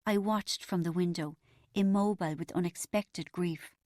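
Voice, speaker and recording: A woman narrating an audiobook in the first person, wry and expressive. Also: fairly low pitch, normal speed, dry recording, studio quality.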